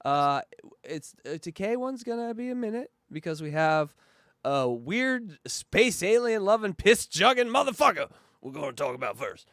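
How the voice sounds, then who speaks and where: A man hosting a podcast, commenting on an old radio clip in a rambling, animated way, with swearing. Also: sits high, normal speed, no echo, studio quality. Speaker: podcast host. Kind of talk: casual commentary.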